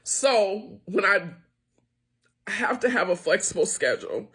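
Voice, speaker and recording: Speaking at a measured pace, a woman with a medium-pitched, husky, fairly bright voice sounds very animated. She is a middle-aged small business owner and founder making a passionate, emotional appeal to viewers, frustrated and on the verge of crying.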